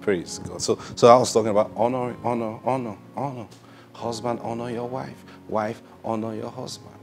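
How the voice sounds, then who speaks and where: Male preacher, mid-pitched, sermon delivery full of repeated phrases and self-answered questions, soft music underneath. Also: normal speed, creaky. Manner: animated, rhetorical questions, acts out quotes.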